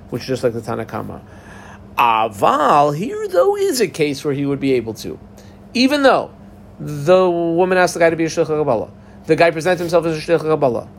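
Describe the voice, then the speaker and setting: A man teaching a Talmud class in a casual, animated way, acting out the voices of the people in the case. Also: fairly high pitch, normal speed, slight background noise. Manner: animated, acts out the parties in a dialogue.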